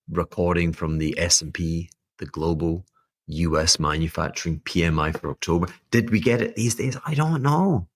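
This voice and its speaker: Male podcast host, solo monologue; very low voice, rambling and self-deprecating, dry sound. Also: fairly bright tone, no echo. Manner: rambling, wry and self-mocking, with laughing asides. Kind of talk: solo market commentary monologue.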